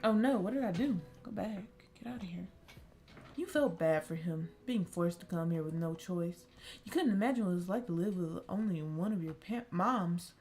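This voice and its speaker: A young woman reading a story game aloud and breaking off into jokey, animated asides to the characters. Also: on the low side, normal speed. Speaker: game streamer.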